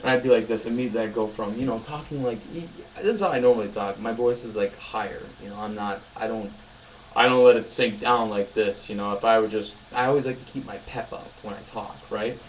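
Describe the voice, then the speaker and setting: Young man, casual vlog chat, rambling and upbeat, lowish voice, faint noise. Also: quick pace, few pauses, low-quality recording. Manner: rambling, upbeat storytelling with many fillers. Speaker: vlogger.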